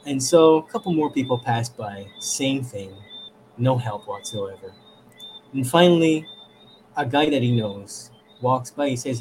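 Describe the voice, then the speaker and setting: A male therapist guest talks in a relaxed, conversational way. He tells stories with animation, and his voice sits in an ordinary middle pitch. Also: a little slow, slight background noise, low-quality recording. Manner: animated storyteller. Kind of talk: conversational storytelling.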